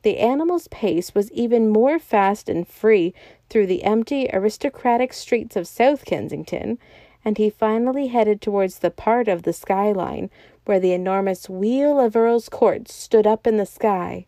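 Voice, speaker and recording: A woman podcast storyteller reading a classic novel aloud in a calm, even voice. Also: medium pitch, measured pace, dry recording. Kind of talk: scripted narration of a classic novel.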